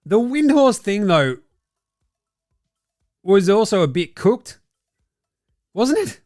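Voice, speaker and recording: An Australian man with a high, very animated voice and a darkish tone speaks slowly while hosting a basketball podcast. He rants through blunt, profane, opinionated sports commentary and does mocking impressions of others. The clean studio recording has no room sound, with faint music in the background.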